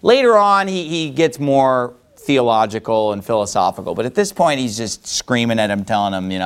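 A man teaching a Bible lesson to a class, animated and conversational, with many fillers. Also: medium pitch, moderate pace, hardly any pauses, clear, resonant tone.

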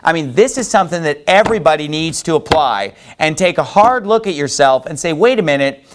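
Man, preacher, high-pitched, folksy, rambling, conversational sermon. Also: expressive, fairly quick, noisy background. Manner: rambling, folksy, heavy with "you know" and restarts.

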